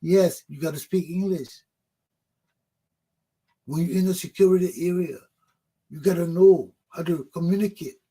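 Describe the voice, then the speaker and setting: A man's voice: high-pitched, moderate pace, long pauses, warm tone, slightly rough. A middle-aged man with a Liberian accent, hosting a talk show in an emphatic, preachy monologue that repeats its points. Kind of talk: animated opinion monologue.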